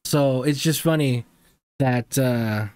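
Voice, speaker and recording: A man's voice: medium pitch, slow, a little mellow, smooth, dry recording. A man co-hosting a podcast in casual chat, with laid-back, rambling phrasing and many hesitations. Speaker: podcast co-host.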